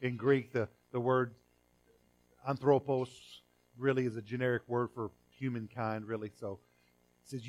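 Speaking at a medium pitch in a level tone, a middle-aged pastor delivers his sermon casually, restarting and repeating himself. His lines range from loud and emphatic to quiet and drawn out.

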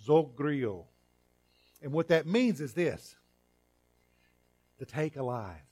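A middle-aged man preaching a sermon as pastor, in a conversational way with restarts and repeated words, swinging between loud emphatic lines and quiet drawn-out phrases. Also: on the high side, big pitch swings, husky.

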